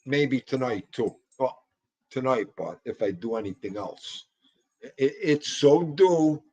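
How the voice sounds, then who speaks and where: Male livestream host, mid-pitched, rambling, crude and jokey. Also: animated, takes it slowly, a little mellow, breathy edge, poor audio. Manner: rambling, profane, joking banter. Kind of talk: casual livestream chat.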